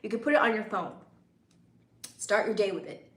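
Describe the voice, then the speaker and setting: A woman's voice: mid-range voice, expressive, moderate pace, roomy sound. Hyped, chatty woman livestream host. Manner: hyped, chatty, talks straight to viewers. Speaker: livestream host and content creator. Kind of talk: casual live chat.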